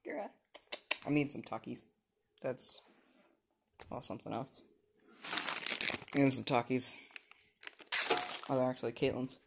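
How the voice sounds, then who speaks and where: A woman chatting playfully to her cats while filming them on a phone, teasing them with sudden high squeals. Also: fairly even intonation, unhurried, gravelly, pauses often, noisy background. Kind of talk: casual chat to pets. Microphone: handheld phone.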